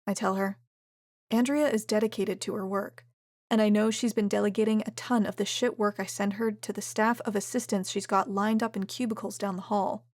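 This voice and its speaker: A woman reading a first-person romance audiobook in a steady, even way. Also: mid-range voice, no echo, studio quality. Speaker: audiobook narrator.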